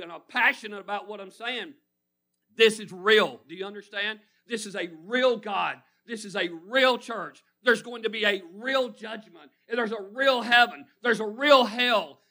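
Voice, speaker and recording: High bright-voiced preacher. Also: male voice. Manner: call-and-response preaching, rising to loud emphatic peaks. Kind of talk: sermon.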